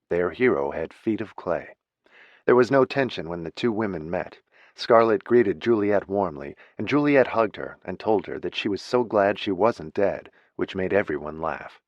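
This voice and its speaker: A low-pitched man reading a novel aloud, steady and even. The recording is very dry with no room sound. The sound is slightly dull. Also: moderate pace, no room sound. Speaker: audiobook narrator. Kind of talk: scripted narration.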